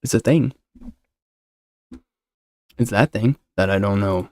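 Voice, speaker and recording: A man with a lowish, darkish voice speaks slowly on his own show, chatting casually into a desk mic fitted with a noise suppressor. He rambles, jokes and talks over himself in this solo podcast chat, with no room sound at all.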